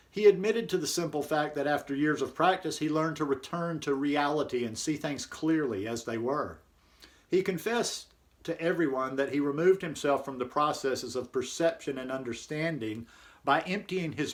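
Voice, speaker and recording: A man hosts his own daily video channel from home. He talks in an easy, conversational way and shifts into a slow, deliberate reading voice for a passage. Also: mid-range voice. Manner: relaxed and conversational, reads slowly and deliberately. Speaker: vlog host. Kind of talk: casual chat and reading aloud. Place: home, indoors.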